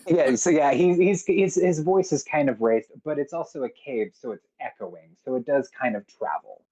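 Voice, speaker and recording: A man's voice: medium pitch, normal speed, dark tone, husky, dull audio. A man running a tabletop game as game master on a live stream, hesitant with frequent ums. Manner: hesitant, with many ums and restarts.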